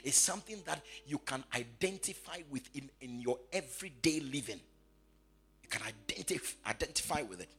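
Forceful husky male preacher. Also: medium pitch, expressive, normal speed. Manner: repeats phrases, swings from quiet asides to shouted sing-song proclamation. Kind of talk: sermon.

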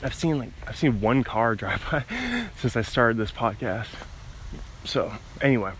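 A man's voice: medium pitch, unhurried, a little hiss or hum. A young man hosting a solo podcast outdoors, rambling and laughing at his own tangents while holding his phone to his ear. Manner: meandering, self-interrupting, laughs at himself. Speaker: podcast host. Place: outdoors by a road, walking. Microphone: phone held to ear.

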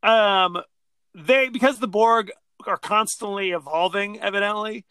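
Bright-voiced man riffing on a movie. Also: high voice, clear, resonant tone, no echo. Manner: animated, acts out scenes in quick mock voices. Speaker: podcast co-host. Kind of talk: casual movie discussion.

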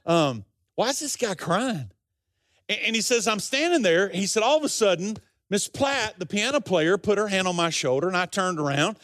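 A man's voice: high voice, animated, brisk, fairly bright tone, no room sound, clean studio sound. A middle-aged male pastor preaching a sermon, telling a story in folksy quoted runs and pressing his points with earnest emphasis.

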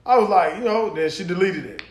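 Young male podcast co-host, high voice, casual foul-mouthed banter, echoey room. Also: a little fast. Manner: loose, profane, laughing banter. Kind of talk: casual chat.

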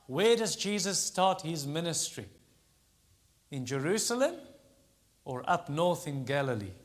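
A man's voice: high-pitched, bright, forceful tone. Earnest Afrikaans-accented male preacher. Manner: earnest, teaching, repeats words while building points. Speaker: pastor. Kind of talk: sermon.

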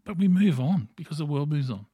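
A man's voice: on the high side, expressive, a little fast, mellow, breathy edge, dry recording. A middle-aged man with an Australian accent, hosting a podcast and delivering a blunt, profane, opinionated solo monologue. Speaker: podcast host.

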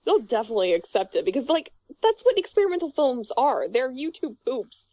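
A young woman in casual chat, her voice a little high and slightly muffled. She rambles, restarts her sentences and swears freely. The recording is dry, with no room sound. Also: sing-song, a little fast, mellow, no room sound.

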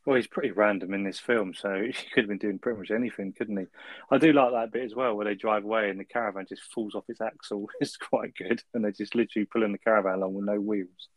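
Low-voiced man, dry close sound. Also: steady tone, fast, no room sound, low-quality recording. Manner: easygoing, chuckling, tag questions. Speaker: film review podcast co-host. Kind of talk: casual chat.

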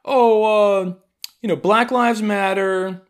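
A man's voice: high voice, steady tone, slow, voice pushed up. Man mimicking a preachy young activist woman. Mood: earnest. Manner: earnest, preachy listing. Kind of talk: comic impression in a monologue.

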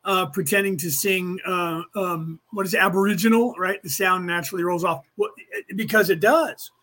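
A man's voice: sits high, steady tone, moderate pace, bright, forceful tone. An American man hosting a podcast class, talking in a rambling, opinionated way with many fillers and restarts. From United States. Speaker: podcast host and class teacher. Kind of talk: casual rambling lecture.

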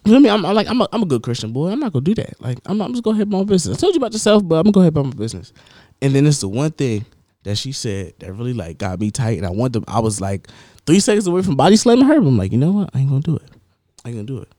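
A young man co-hosting a podcast, telling a story in an animated, laughing way. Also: on the high side, very fast, no room sound, studio quality. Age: young adult. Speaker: podcast co-host. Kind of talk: casual chat.

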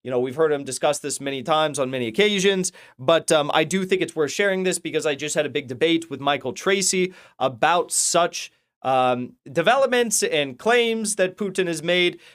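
Fired-up, rambling man with a higher voice. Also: expressive, moderate pace, a bit bright. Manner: rambling, heated, profane, many restarts. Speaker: political commentary channel host. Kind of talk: casual ranting commentary.

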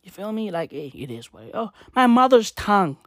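A woman's voice: mid-range voice, sing-song, brisk, slight background noise. A woman delivering a profane, sarcastic comic rant as a vlogger. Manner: profane, sarcastic, exasperated ranting.

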